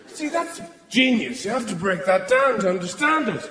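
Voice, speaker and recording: A man's voice: high-pitched, lively intonation, moderate pace, few pauses, bright, forceful tone. A middle-aged man performing stand-up on a theatre stage, rambling and mock-indignant. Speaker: stand-up comedian. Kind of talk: stand-up routine. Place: large theatre stage before a live audience. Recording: echoey hall with audience laughter.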